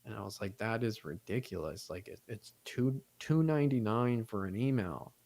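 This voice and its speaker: A young man with a fairly low voice rambles through a story in loose podcast chat. He swears freely and slips into the voices of the people he quotes. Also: normal speed. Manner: rambling, profane, animated retelling with quoted voices. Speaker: podcast co-host.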